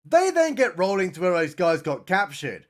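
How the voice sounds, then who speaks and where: Sarcastic man with a high, lively voice. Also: moderate pace. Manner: mocking, exaggerated outbursts. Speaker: movie reviewer. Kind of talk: sarcastic comedic film recap.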